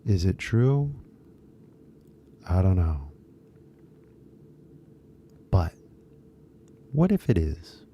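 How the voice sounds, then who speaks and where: A man's voice: deep voice, sing-song, very slow, long pauses, dark tone, muffled recording, slight background noise. A man with an American accent giving a casual, rambling English pronunciation lesson, repeating key words for emphasis. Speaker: English teacher.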